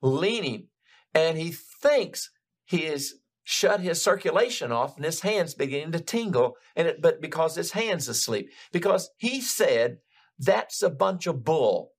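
An older man preaching a sermon, retelling a story in an animated, building way with frequent restarts. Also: a little high, moderate pace.

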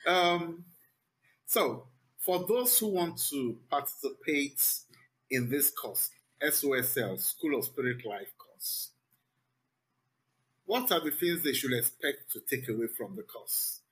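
A man hosting, asking a guest questions in an unhurried, hesitant way. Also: mid-range voice, expressive, fairly bright tone, low-quality recording. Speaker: host. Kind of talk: interview questions.

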